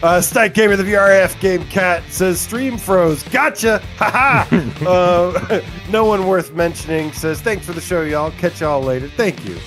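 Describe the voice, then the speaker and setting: A man's voice: sits high, unhurried, fairly bright tone, soft background music. A man co-hosting a gaming livestream, playfully reading viewer comments with frequent giggles. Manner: playful, giggly, reads names in bursts. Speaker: podcast co-host.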